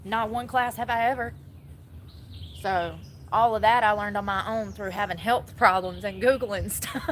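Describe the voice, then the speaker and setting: A woman's voice: medium pitch, a little slow, long pauses, a little hiss or hum. Sassy woman laughing as she comments. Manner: sassy, blunt, laughs often. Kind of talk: casual reaction commentary.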